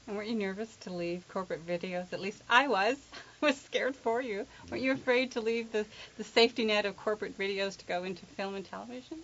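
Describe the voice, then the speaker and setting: A woman, a coach and actress, chatting in a lively, playful way during an interview, often laughing. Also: mid-range voice, fast, slight background noise. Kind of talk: casual interview chat. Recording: slightly dull, lo-fi sound.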